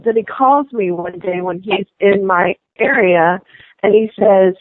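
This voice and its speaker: A woman's voice: medium pitch, a little slow, dry recording. A woman venting angrily on a phone call about a repair, indignant and ranting. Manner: indignant, ranting, escalating to shouting. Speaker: prank call target. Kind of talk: angry phone complaint. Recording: tinny phone line.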